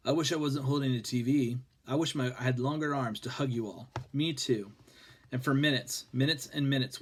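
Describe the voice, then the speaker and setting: A man reading a children's novel aloud in a plain, steady voice, with few changes for the characters. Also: mid-range voice. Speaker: reader.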